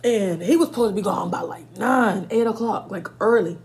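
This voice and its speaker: A young woman vlogger telling a storytime with lively, profane chatter aimed straight at her viewers. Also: medium pitch, normal speed. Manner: animated, profane, talks to viewers as y'all. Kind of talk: casual storytime while eating.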